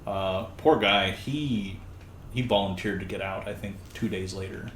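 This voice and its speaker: Bright-voiced young man, low and laid-back. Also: a little slow. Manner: laid-back, rambling, crude. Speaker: podcast guest. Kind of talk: casual storytelling chat. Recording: echoey room, faint background noise.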